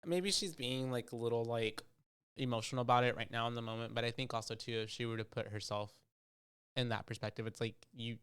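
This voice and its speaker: A man chatting loosely about a movie he just watched, his voice smooth and resonant. He mumbles and trails off, then perks up to play out a character's lines. The sound is close and dry. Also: mid-range voice, steady tone, fairly bright tone, no echo. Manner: laid-back, drops to mumbles, acts out characters in quick bursts. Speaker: podcast co-host. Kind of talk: casual movie recap chat.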